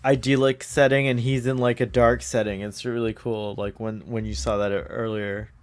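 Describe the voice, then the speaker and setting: A man's voice: medium pitch, level tone, moderate pace. A young man co-hosting a casual episode commentary with enthusiasm, laughing often and filling his talk with "like". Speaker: podcast co-host.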